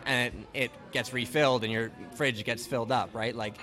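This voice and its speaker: A man's voice: medium pitch, steady tone, moderate pace, pushed and bright. A man from Ontario hosting a podcast, chatting casually and peppering his talk with "like" and "right.". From Ontario, Canada. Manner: chatty, many filler "like" and "right". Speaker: podcast host. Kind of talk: casual chat.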